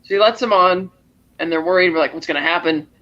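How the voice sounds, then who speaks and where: A man's voice: sits high, fast talker, highs cut off. A man co-hosting a podcast, casually retelling a movie's scenes and acting out the characters' lines. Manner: retells scenes with acted-out quotes. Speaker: podcast co-host. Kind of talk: casual movie recap chat.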